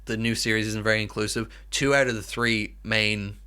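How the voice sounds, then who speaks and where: A man's voice: fairly low pitch, little pitch movement, normal speed, bright, forceful tone, clean tone. A young Irish man co-hosting a podcast in casual chat, blunt and swearing, with many restarts. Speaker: podcast co-host.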